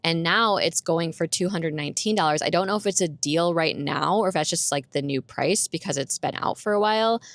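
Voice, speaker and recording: Young woman rambling on her podcast, low-ish gravelly voice, dry close sound. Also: no room sound. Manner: chatty and candid, laughs often. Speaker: podcast host. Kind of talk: casual solo podcast chat. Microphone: roommate's borrowed microphone.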